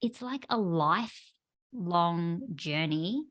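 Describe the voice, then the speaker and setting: A woman's voice: fairly low pitch, animated, slow pace. Chatty woman co-hosting a podcast. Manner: chatty, warm agreement, frequent "like" fillers. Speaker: podcast co-host. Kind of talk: casual conversational chat.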